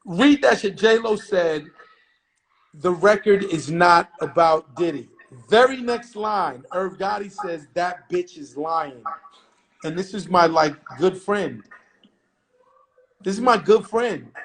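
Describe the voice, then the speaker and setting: A middle-aged man recounts an old story as an interview guest. His voice sits a little high, and he talks in a brash, profane, animated way, acting out the other people's lines. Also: slow, poor audio.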